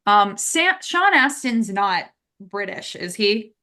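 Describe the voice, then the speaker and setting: A woman's voice: medium pitch, slow pace, a crowd in the background. Laid-back woman chatting. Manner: relaxed, laughing, many fillers. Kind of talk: casual chat.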